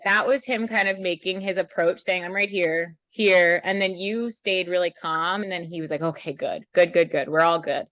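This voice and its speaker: A woman riding instructor teaching a student in a chatty, animated way, then leading a guided meditation. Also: mid-range voice, dry recording, dull audio. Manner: chatty, animated, acts out horse thoughts. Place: outdoors at a horse trailer.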